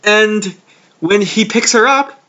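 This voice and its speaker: A young man giving casual, exasperated commentary on a comic series, sarcastic and quick to laugh. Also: high-pitched, sharp tone. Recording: dull lo-fi recording.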